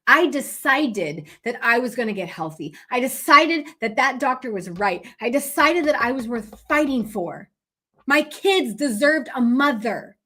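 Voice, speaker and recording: A business coach with a high, slightly bright voice hosts her podcast, recounting a personal story in a relaxed, chatty manner. Fillers crop up constantly, along with tag questions directed at listeners.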